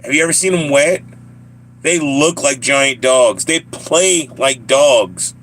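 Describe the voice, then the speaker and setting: A man's voice: medium pitch, takes it slowly, fairly bright tone. A man with a Southern US accent chatting casually on a live stream, joking and laughing often as he rambles to his viewers.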